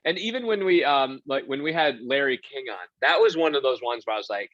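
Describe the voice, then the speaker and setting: A man, a game show host and producer, chatting as a podcast guest and telling animated anecdotes. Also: brisk, no echo. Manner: animated anecdote-telling, acts out quotes with big pitch jumps. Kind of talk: casual podcast storytelling. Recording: dull, slightly lo-fi dry podcast audio.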